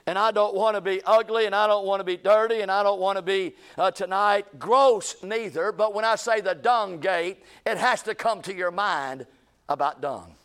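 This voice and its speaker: A man's voice: sits high, moderate pace, fairly bright tone, clean tone. A male pastor, telling a folksy story in a sermon to his church, with emphatic rises in his voice. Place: church sanctuary.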